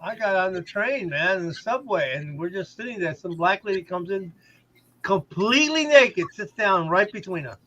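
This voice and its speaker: An older man in a casual live chat, blunt and crude, breaking into loud exclamations. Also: sits high, animated, normal speed. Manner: blunt, crude storyteller who exclaims loudly. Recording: lo-fi audio with crowd noise behind.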